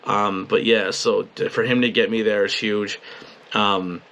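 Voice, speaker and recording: A young man talking in a personal video journal, halting and emotional, swearing freely as he rambles about his weekend. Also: lowish voice, little pitch movement, vocal fry, a bit bright. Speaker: podcast host and wrestling commentator. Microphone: webcam at a desk.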